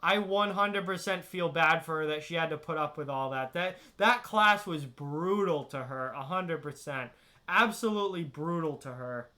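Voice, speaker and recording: A young man hosting a casual live stream, telling animated high school stories and reading chat messages aloud. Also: normal speed.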